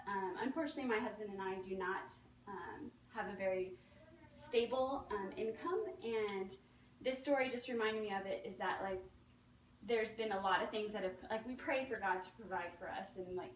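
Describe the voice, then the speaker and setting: A young woman nervously gives a testimonial at a meeting, telling a story with many ums and acting out the voices she quotes. Her medium-pitched voice moves at normal speed, with a little hiss or hum, recorded from far off in an echoey room.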